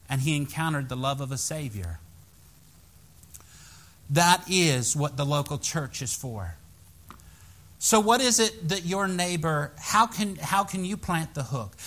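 A male pastor preaching a sermon in a church, telling a story with animated, emphatic rises in his voice. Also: a little high.

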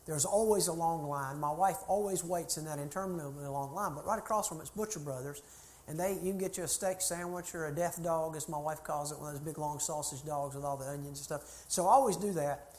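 A man's voice: fairly high pitch, brisk, darkish tone. A middle-aged man, a church consultant telling a folksy, chatty story to a group. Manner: folksy, chatty anecdotes with laughter.

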